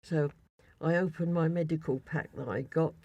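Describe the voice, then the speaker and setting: A woman's voice: low voice, moderate pace, dark tone, no echo, dull audio. An older woman, a podcast guest, tells a travel story in a rambling, hesitant way, full of restarts and fillers. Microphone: studio mic.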